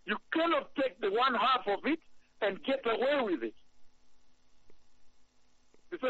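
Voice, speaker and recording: A man preaching a sermon, emphatic and repetitive, reading scripture slowly. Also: very high-pitched, animated, bright, forceful tone, muffled recording, slight background noise. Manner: emphatic, repeats phrases, reads scripture slowly.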